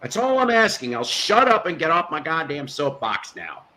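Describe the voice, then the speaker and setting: A man's voice: on the high side, wildly swooping pitch, normal speed, sharp tone, poor audio. A man hosting a casual live stream, ranting at his chat in an exasperated way, with stops and restarts. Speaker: host.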